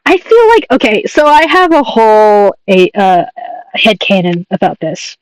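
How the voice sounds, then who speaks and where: A man's voice: high-pitched, lively intonation, a little slow, clean tone, no room sound, low-quality recording. A man chatting on his livestream, rambling enthusiastically with lots of fillers and restarts. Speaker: streamer and artist. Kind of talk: casual livestream chat.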